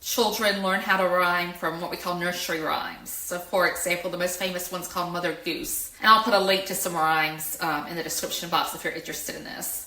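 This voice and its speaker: Female educator, bright tone, patient explainer, slightly echoey room. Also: fairly low pitch. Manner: patient, stretches words out when demonstrating. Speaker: teacher. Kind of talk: explanatory lesson.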